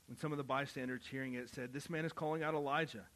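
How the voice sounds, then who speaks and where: A man preaching a sermon, moving from quiet Bible reading to loud, impassioned calls. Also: medium pitch, steady tone, quick pace. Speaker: pastor.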